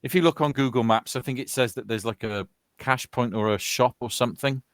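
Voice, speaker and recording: A man's voice: mid-range voice, fairly quick, dry recording. A British man in his fifties from Wales, chatting over online voice chat with friends in a rambling, easygoing way, laughing as he tells stories. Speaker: soldier chatting with gaming friends. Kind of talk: casual voice chat.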